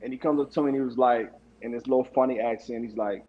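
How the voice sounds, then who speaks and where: A man's voice: mid-range voice, fast talker, narrow, tinny audio. A man telling a story as a podcast guest, laughing often and acting out what people said. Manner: laughs often, animated retelling with quoted voices. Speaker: guest, former running back. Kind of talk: casual storytelling. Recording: noisy background.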